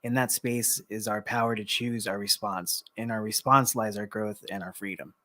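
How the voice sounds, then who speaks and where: A man appearing as a guest, speaking softly and hesitantly with many ums in a reflective conversation. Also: fairly low pitch, steady tone, moderate pace, no room sound.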